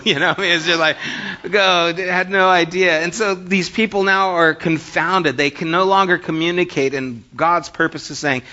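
A pastor from the United States delivers a sermon in a conversational way, reading scripture aloud and telling funny stories. His voice is high and sharp, with a steady tone and a moderate pace. The recording is dull and lo-fi.

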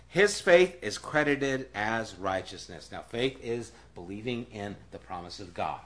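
A male pastor delivering a sermon in an emphatic voice that sits at an ordinary middle pitch. He repeats his key phrases and often sinks into a hushed, almost whispered voice. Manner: drops to a hushed, near-whispered voice.

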